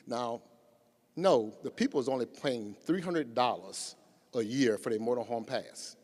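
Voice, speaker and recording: Male eulogist, anecdotal and lively, recorded with arena reverb. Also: mid-range voice, moderate pace. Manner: warm storytelling, acting out quotes. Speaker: former athletics colleague giving a tribute. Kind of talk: memorial tribute, humorous anecdote. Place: large arena memorial service. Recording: long reverb in a big arena.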